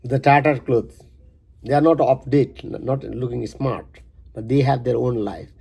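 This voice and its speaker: A man who is a poet, reading his poem verse by verse and stopping for halting, rambling asides. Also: mid-range voice, steady tone, gravelly, warm tone, husky.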